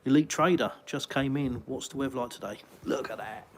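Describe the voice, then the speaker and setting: Streaming live from a village outdoors, this UK livestream host with an English accent fields chat questions bluntly and with dry sarcasm. He speaks at medium pitch, fairly quickly, over slight background noise.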